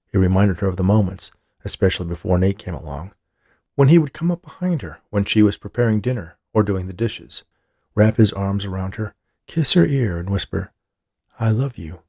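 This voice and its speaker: A man reading a novel aloud as an audiobook narrator, in a steady, measured way. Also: fairly low pitch, vocal fry, slightly rough, no echo, studio quality. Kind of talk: scripted narration.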